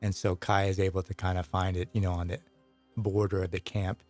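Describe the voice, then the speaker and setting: A man's voice: deep voice, level tone, brisk, a little mellow, soft background music. A man running a tabletop game as game master, narrating in a loose, rambling way and laughing often.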